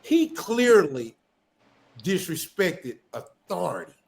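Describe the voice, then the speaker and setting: A man's voice: high-pitched, big pitch swings, slow, vocal fry. A man on a podcast, lecturing emphatically and profanely about raising kids. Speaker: podcast panelist. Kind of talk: casual podcast chat.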